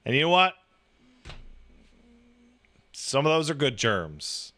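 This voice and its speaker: A man with a fairly high voice talks extremely slowly, pausing often, in a casual, rambling chat. He swears, fills nearly every sentence with "like," and animatedly acts out the voices in his stories.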